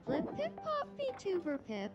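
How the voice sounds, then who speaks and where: A tiny chirpy robot babbles nonsense in a sing-song lilt. Its voice sits extremely high and leaps wildly up and down. Music plays behind it. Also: wildly swooping pitch, a little slow, muffled recording, full character voice. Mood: playful babble.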